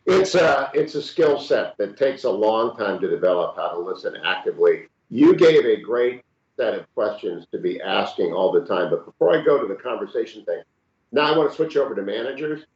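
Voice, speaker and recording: On a remote video call from a room, a man in his sixties hosts a conversational interview in a low, darkish voice that is very animated and brisk. He steers the talk directly with pointed follow-up questions, and the video call mic gives the audio a roomy, dull sound.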